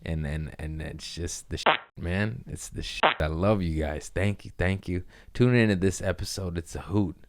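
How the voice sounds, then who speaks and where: A man with a low voice hosts a loose solo podcast, rambling, cursing freely and laughing often. The sound is dry and close, with no room around it. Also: normal speed, no echo. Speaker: comedian and podcast host. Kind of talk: casual solo podcast monologue.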